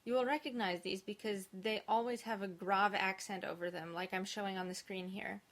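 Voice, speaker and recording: A woman teaching diction to singers in a video lesson, explaining rules in a clear, methodical way as a native English speaker. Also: medium pitch, fairly even intonation, normal speed. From English-speaking country.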